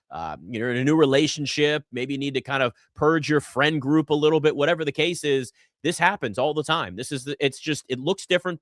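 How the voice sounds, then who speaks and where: A male sports talk host with a mid-pitched voice that swings up and down as he gets going. He talks loosely and conversationally, and the sound is dry and close with no room around it. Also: no room sound. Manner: animated, conversational, addresses chat and co-worker. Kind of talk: solo sports talk commentary.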